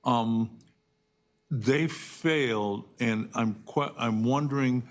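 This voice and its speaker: Male chair running a community board meeting, courteous and measured. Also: medium pitch. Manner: polite, measured, procedural.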